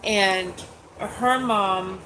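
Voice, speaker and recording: A forty-something woman talks openly in a relaxed, rambling way, filling gaps with "like" and "um". Her voice sits at a middle pitch. Clear background noise runs under the recording. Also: very slow. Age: 40s. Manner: candid, chatty, lots of "like" and "um". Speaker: host. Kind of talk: casual chat. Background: dogs nearby.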